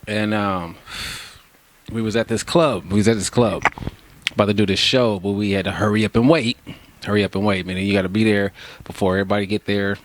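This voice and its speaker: A man's voice: on the low side, steady tone, brisk, slight background noise. A man rapper from Kansas City telling loose, laughing stories full of slang and cursing. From Kansas City, Missouri, USA. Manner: laid-back, laughing, heavy slang and cursing. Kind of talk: casual profane storytelling.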